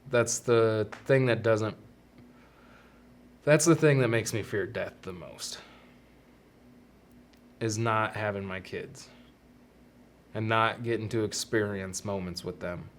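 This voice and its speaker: A man hosting a solo podcast, talking earnestly and haltingly about fatherhood and fear of death, often restarting his sentences. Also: lowish voice, slight background noise. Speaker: podcast host. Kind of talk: reflective solo podcast monologue.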